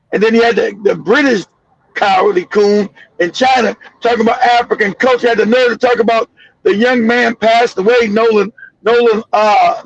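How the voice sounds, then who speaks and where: A man's voice: very high-pitched, gravelly, slightly rough, no room sound. A man hosting a show, giving heated, mocking commentary full of repeated insults, on a dull lo-fi recording. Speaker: show host. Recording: dull lo-fi dry audio.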